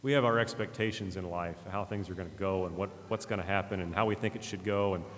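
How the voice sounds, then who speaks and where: A man with a fairly low voice gives a sermon, talking earnestly and casually as he retells a scripture story. His words ring out with a long hall reverb, the sound of a church. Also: steady tone, quick pace, slight background noise. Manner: conversational, earnest, with frequent fillers and restarts. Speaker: pastor.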